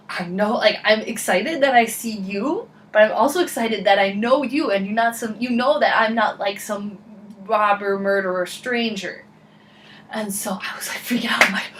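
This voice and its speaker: Excitable young woman telling a rambling story. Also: medium pitch, brisk. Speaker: vlogger. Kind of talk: casual storytelling vlog. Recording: voice a bit far from the mic, faint background noise.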